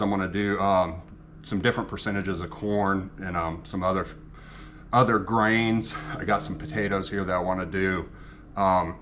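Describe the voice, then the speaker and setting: Low-voiced folksy man. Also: fairly bright tone, slight background noise. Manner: folksy, digressive, frequent ums and restarts. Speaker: home ethanol maker vlogger. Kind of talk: casual rambling explanation to camera.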